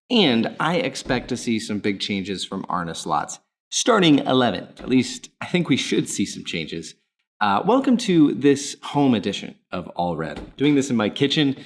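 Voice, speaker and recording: A man hosting a football fan channel from his home kitchen, talking casually and playfully to camera in a put-on English accent. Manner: playful, theatrical, jumps in pitch.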